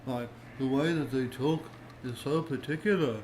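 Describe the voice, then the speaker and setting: A man's voice: mid-range voice, normal speed, a little mellow, slight background noise, low-quality recording. A man co-hosting a podcast in casual, rambling chat while watching a show. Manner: laid-back, rambling, laughs and coughs. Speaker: podcast co-host.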